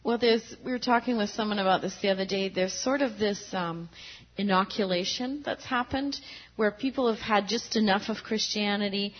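A woman who is a missionary guest, answering thoughtfully in a measured way with some fillers. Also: mid-range voice. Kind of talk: interview answers. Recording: dull lo-fi sound.

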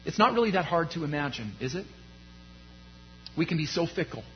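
A man preaching a sermon as a pastor, his delivery rising to emphasis and dropping low. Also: very animated, fairly quick, highs cut off, faint music behind.

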